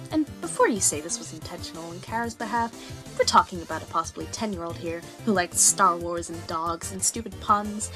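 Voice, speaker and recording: A woman's voice: medium pitch, a bit bright. A woman reading a scripted video essay, arguing her case point by point and posing rhetorical questions. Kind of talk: scripted narration.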